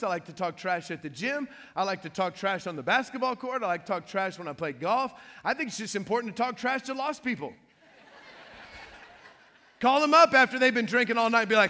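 Guy preaching, high bright voice, jokey storytelling. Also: big-room sound. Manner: lively storytelling with playful trash-talk asides. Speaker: pastor. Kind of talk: sermon.

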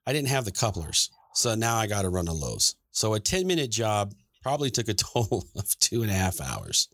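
Middle-aged podcast co-host, low lively voice, rambling storyteller, dry close mic. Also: male voice, fairly quick, no echo. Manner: rambling storyteller, laughs often. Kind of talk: casual chat.

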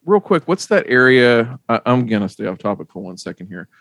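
Midwestern male podcast host, gravelly and fairly low, dry close sound; casual, salty, animated storyteller. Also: a little fast, no room sound. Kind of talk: casual chat.

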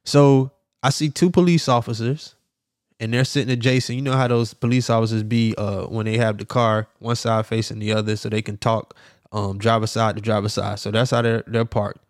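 A middle-aged man hosting a podcast who tells a story in an animated way, laughing often and acting out the sounds. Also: fairly low pitch, normal speed, dry recording, studio quality. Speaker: podcast host.

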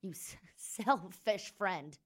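A woman playing a fierce woman leader in a tabletop game, swinging between hushed threats and loud outbursts. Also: mid-range voice, slow pace, husky. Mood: bitter. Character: fierce woman leader confronting a former ally.

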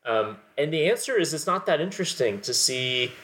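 A man co-hosting a podcast discusses films casually, analyzing them in a rambling way and peppering his speech with "like." His voice is fairly high and fairly bright, sing-song in delivery, at a moderate pace.

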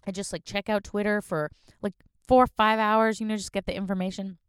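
A young woman hosting a solo podcast from her car, a little hoarse, rambling and self-deprecating with lots of fillers. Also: mid-range voice, level tone, fairly quick, no echo. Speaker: podcast host. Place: in a parked car.

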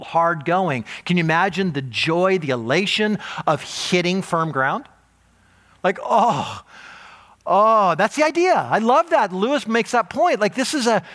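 A man preaching a sermon as pastor, animated, rising for emphasis and then dropping low and soft.

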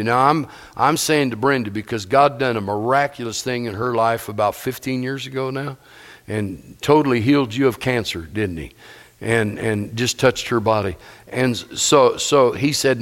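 A man's voice: mid-range voice, moderate pace, a bit bright. Man preaching a sermon, repeats himself a lot, asks the room stuff, big echoey church hall. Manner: emphatic, repeats phrases, asks the congregation questions. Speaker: pastor.

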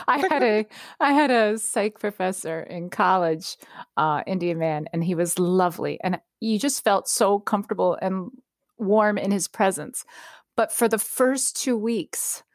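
A woman co-hosting a casual podcast chat who laughs easily and tells relaxed stories. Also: medium pitch, unhurried, no room sound, clean studio sound.

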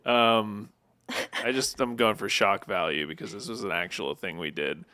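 A man's voice: lowish voice, animated, normal speed, bright, forceful tone, dry recording. A man chatting casually on a podcast, telling a laughing anecdote. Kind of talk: casual chat.

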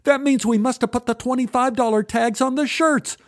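A frantic fifteen-year-old boy yelps and frets in a shrill, panicky rush, as a grown man puts him on. The voice jumps far above a grown man's range and stays strained and loud. It is heard in a spoken story. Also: steady tone, a little fast, no echo, studio quality. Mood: panicked.

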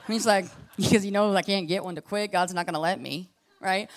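A woman preaching a conversational sermon, impassioned and casual, full of asides, swinging between hushed and loud. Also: mid-range voice, brisk, few pauses.

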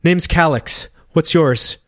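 A man's voice: fairly high pitch, slow pace, a bit bright, no echo, clean studio sound, voice pushed up. A man doing a chirpy young boy castaway. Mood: eager. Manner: earnest, eager storytelling.

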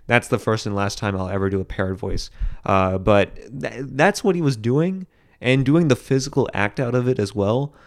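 A man's voice: medium pitch, animated, normal speed. A young man hosting a solo podcast, giving rambling, opinionated commentary full of restarts and fillers. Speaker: podcast host.

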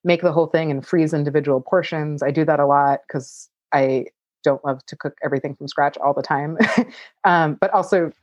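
A woman's voice: deep voice, fairly even intonation, normal speed, darkish tone, no room sound, lo-fi sound. A woman cookbook author answering audience questions in casual chat, laughing often and saying "like" a lot. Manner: chatty, laughs often, many "like" fillers.

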